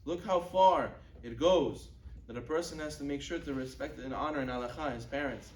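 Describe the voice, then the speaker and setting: A brisk rabbi gives a Torah class in an echoey room, his voice distant from the mic, with a little hiss or hum. His sermon-style lecture is built around stories, with quoted dialogue acted out and pitched higher for characters. He freely uses Hebrew and Yiddish religious terms.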